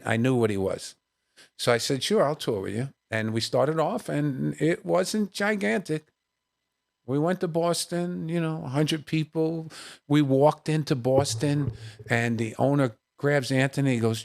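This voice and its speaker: A comedian guest in a podcast studio tells anecdotes in a fairly high, creaky voice at a measured pace. He's animated, acting out the voices in his stories and often tacking on "you know what I mean."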